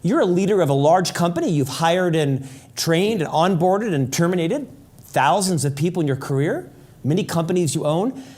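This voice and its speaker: A man in his forties, interviewing the host in a thoughtful, measured way and sharing a personal memory. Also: fairly high pitch, expressive, darkish tone. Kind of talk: conversational interview questions.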